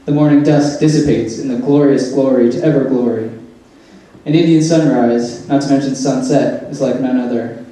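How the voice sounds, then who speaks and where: A man's voice: medium pitch, steady tone, moderate pace, warm tone. Man, essay reading, wry dry asides, heard from a distance, echoey room. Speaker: essay reader. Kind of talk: reading a humorous personal essay aloud. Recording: echoey room, mic far off.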